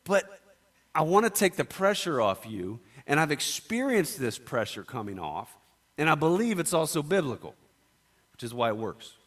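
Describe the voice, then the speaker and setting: A man preaching a sermon, talkative, moving between quiet asides and loud, emphatic declarations. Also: a little high, sing-song, moderate pace.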